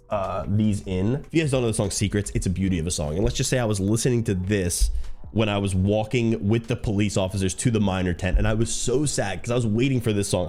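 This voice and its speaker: A man's voice: fairly low pitch, mellow. A man who streams for a living, telling a story in a talkative, rambling way. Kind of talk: casual storytime.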